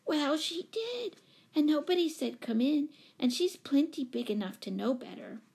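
A woman voicing a small girl who speaks in a high, slow, childish way. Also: lively intonation, gravelly, darkish tone. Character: small girl, timid but blunt.

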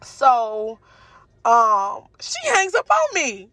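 A woman, telling a personal story casually to her viewers in an animated way. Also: no echo. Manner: animated, acts out quotes with jumps in pitch, speaks fast and slow by turns.

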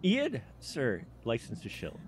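A man's voice: mid-range voice, wildly swooping pitch, slow, a little hiss or hum. A man hosting a casual live-stream chat, loose and chatty, laughing often. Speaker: podcast host.

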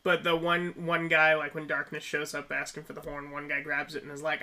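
Podcast co-host, male, fairly high and bright, animated, laughing storyteller. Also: fairly quick. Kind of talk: casual film review chat.

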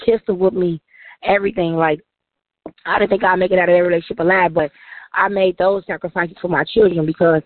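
Here the voice sits on the low side, with fairly even intonation and a fairly quick delivery over a thin, phone-style connection. The speaker, an author being interviewed, pours out her personal history with emotion, rambling on and sprinkling in "like" constantly.

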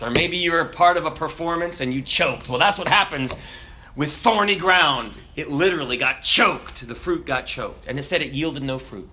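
A man in his thirties with a Southern American accent, preaching a sermon in a folksy, joking way with many questions to the congregation. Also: fairly high pitch. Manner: folksy and animated, jokes and rhetorical questions.

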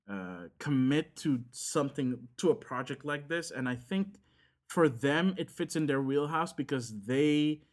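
Man, casual podcast chat, rambling, lots of ums and restarts. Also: medium pitch. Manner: rambling with many fillers and restarts. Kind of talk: casual chat about games.

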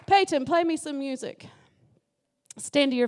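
A middle-aged woman preaching a Pentecostal sermon in a church, impassioned and rising to shouts. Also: sits high, measured pace. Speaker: guest preacher. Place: church sanctuary.

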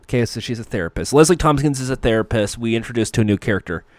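A man's voice: medium pitch, lively intonation, rapid-fire, a little mellow. A man giving a sarcastic, profane, rambling comedic recap of a TV episode.

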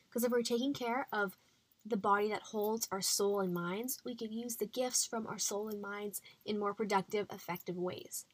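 This podcast host, a young adult woman, delivers a faith-based health monologue that is chatty, encouraging, and packed with fillers. Her voice runs fairly high, and the recording is dry.

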